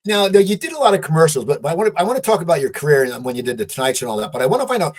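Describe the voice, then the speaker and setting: A man's voice: on the high side, very animated, racing. A man hosting a podcast, eagerly asking his guest questions and repeating words as he starts. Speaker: podcast host. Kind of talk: interviewing a guest.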